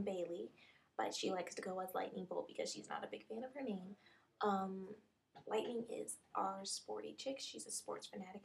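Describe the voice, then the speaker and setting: A woman's voice: medium pitch, gravelly. A young woman casually describing characters for a fan series audition call, chatty and full of ums. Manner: chatty, many ums, describes characters one after another.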